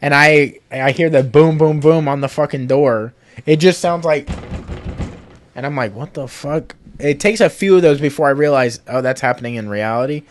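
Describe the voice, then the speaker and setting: A man chiming in during a casual podcast chat, swearing and getting excited as he talks. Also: medium pitch, fairly quick, few pauses.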